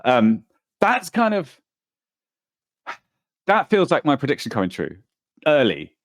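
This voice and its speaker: British man, podcast co-host, rambling, self-interrupting, mid pitch, dry sound. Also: wildly swooping pitch, unhurried, no echo. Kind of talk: casual chat.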